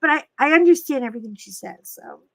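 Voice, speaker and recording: Animated high-voiced woman telling stories. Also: fast talker, no echo. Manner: animated storyteller, acts out quotes. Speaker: guest. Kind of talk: casual chat.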